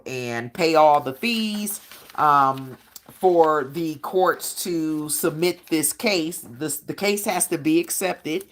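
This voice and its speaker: A woman hosting a live-stream Q&A, talking bluntly and profanely in a combative tone and often asking "all right?". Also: sits low. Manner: blunt, profane street talk. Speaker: channel host.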